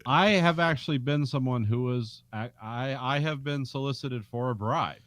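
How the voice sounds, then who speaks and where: A man's voice: mid-range voice, moderate pace, a bit bright, no room sound. A man co-hosting a casual chat, telling blunt, wry stories and slipping into impressions. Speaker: podcast co-host.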